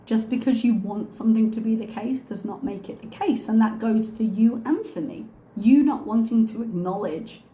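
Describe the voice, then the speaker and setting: A woman hosting a reaction video, talking calmly with pointed, sarcastic remarks. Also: mid-range voice, echoey room, slight background noise. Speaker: reaction channel host. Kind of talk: soft-spoken reaction commentary.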